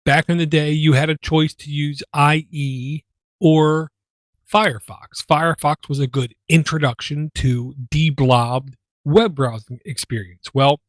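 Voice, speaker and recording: A man's voice: fairly high pitch, steady tone, measured pace, dry recording. A man hosting a casual tech podcast, talking in a rambling, self-deprecating way. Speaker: podcast host.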